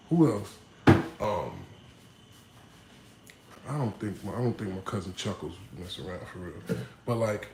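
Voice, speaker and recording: A man casually telling his life story, often checking in with the listener, growing animated when he acts out other people. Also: medium pitch, echoey room, a little hiss or hum, rough recording. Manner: conversational, frequent "you know what I'm saying", animated when quoting others. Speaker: vlogger.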